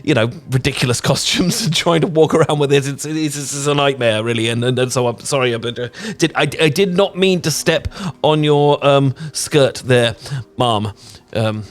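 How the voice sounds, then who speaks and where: A man's voice: mid-range voice, moderate pace, hardly any pauses. Stammering apologetic British man. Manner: laughs often. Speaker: ASMR roleplay performer. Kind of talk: audio role-play.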